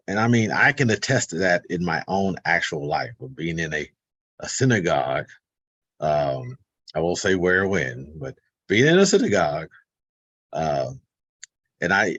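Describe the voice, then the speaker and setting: A man with a fairly low, husky voice explains in loose, casual talk, his pitch rising and falling a lot. He drops in fillers and acts out the quotes in his stories. The sound is dry and close, as on a video call. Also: a bit bright, no room sound, dull audio. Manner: conversational, many fillers, tells anecdotes with quoted voices. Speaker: panelist on a webinar.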